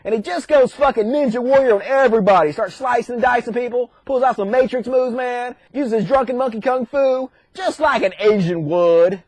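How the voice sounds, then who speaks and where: Comic monologue: very high-pitched man, crude and irreverent, dry close sound. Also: a little mellow, no room sound. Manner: crude, irreverent, profane retelling with quick voice switches.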